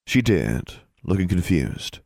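Deep-voiced male storybook narrator. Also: sing-song, takes it slowly, creaky, a little mellow, no echo, clean studio sound. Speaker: audiobook narrator. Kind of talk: scripted narration.

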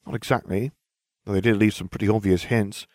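A man voicing an eager young girl witch in an audiobook reading, speaking brightly in a raised voice. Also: on the low side, fairly even intonation, fairly quick, dry recording, studio quality, close to an everyday voice. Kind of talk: audiobook fan fiction reading.

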